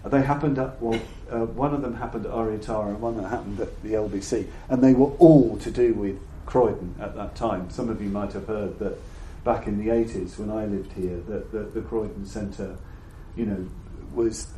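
Here an older man reflects aloud in a dharma talk, his speech hesitant and full of repeated words while he looks for the right expression. The voice is fairly low and dark, held in a steady tone, with roomy reverberation and faint noise behind it.

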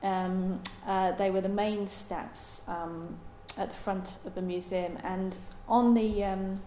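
A woman giving a Buddhist dharma talk in a halting, thoughtful way, with many pauses and ums. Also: medium pitch, steady tone, mellow, slight background noise. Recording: roomy echo.

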